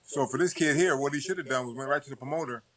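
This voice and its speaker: Fast-talking older man boxing coach. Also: medium pitch, fairly bright tone. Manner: rambling, repeats words, laughs often. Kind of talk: casual talk show chat.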